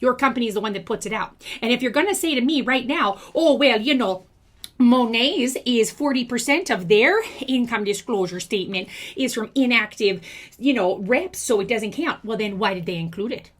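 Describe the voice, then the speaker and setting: A woman putting on a bossy older former schoolteacher, blunt and folksy, who lectures and scolds her viewers in a comic monologue. Her voice sits fairly high and swoops up and down with lively, animated inflection. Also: moderate pace. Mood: lecturing. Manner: scolding, chatty, talks straight to viewers. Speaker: video creator. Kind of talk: comedic character monologue.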